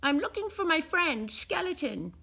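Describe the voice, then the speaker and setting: A woman's voice: extremely high pitch, very animated, normal speed, gravelly, bright, forceful tone, pitched above the performer's own voice, full character voice. A woman voicing a timid little male goblin, earnest and small-voiced, in a read-aloud storybook. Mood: hopeful.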